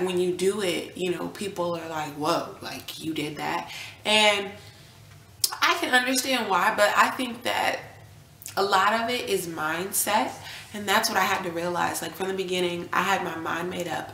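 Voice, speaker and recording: A woman's voice: fairly low pitch, slight background noise. Young woman telling a story in an echoey room. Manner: animated, reenacts quotes, drops to near whisper at times. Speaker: vlogger, new mother. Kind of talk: casual storytelling to camera. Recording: echoey room with faint ambience.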